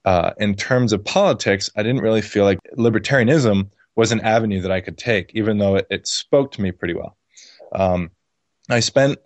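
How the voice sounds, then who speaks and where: Low-voiced, thoughtful male guest. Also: no room sound. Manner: thoughtful, hesitant with fillers. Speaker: podcast guest, blogger. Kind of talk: podcast interview.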